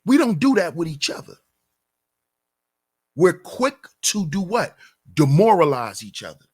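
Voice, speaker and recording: Brief: male host, emphatic commentary rant, slightly high and husky voice. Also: very animated, unhurried, a little mellow. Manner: emphatic, repetitive rhetorical questions. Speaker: channel host.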